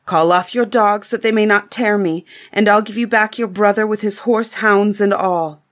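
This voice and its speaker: A woman's voice: medium pitch, fairly even intonation, normal speed, lightly acted. A woman voicing a hungry, scheming female wood witch in a storybook reading, whining and pleading.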